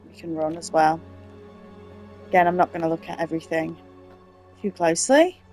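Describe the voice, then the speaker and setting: A woman's voice: lowish voice, normal speed, darkish tone. A woman hosting a let's play, chatting and thinking aloud with eager enthusiasm. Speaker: gaming channel host. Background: game music.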